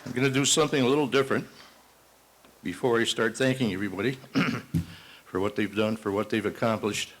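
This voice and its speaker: A man's voice: on the low side, brisk, a little hiss or hum, low-quality recording. An older man from Massachusetts giving a parade marshal's acceptance speech at a banquet, telling a joke and chatting in folksy, self-deprecating asides. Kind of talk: ceremonial speech with a told joke. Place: banquet hall at a ball.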